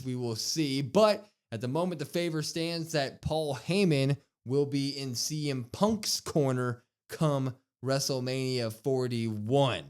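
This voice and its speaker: A man co-hosting a wrestling podcast, recapping an episode in a casual, excited way and acting out the quotes in loud bursts. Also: medium pitch, takes it slowly, hardly any pauses, clean tone. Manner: excited, acts out quoted lines with bursts of loudness. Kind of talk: casual recap, retelling promos.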